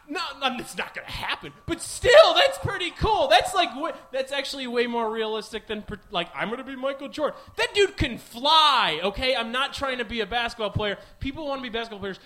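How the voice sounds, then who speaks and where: A young man with a strikingly high voice, hosting a podcast in a loose comic monologue. His tone is bright and sharp. He rambles, swears freely, mocks himself and jumps between mumbled asides and sudden yelps. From American Midwest. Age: 20s. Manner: rambling, profane and self-mocking, swinging from mumbles to yelps. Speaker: podcast host. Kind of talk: comedic monologue.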